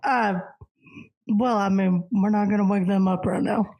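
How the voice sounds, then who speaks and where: A woman playing a tabletop game who speaks in a playful, unhurried way. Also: mid-range voice, steady tone, darkish tone, poor audio. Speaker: player. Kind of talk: tabletop role-play.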